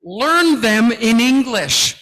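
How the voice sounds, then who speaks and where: A man giving a guest lecture to academics, teaching slowly and emphatically and often checking in with "okay?". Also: very high-pitched, animated, bright, forceful tone. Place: large lecture hall. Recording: long hall reverb.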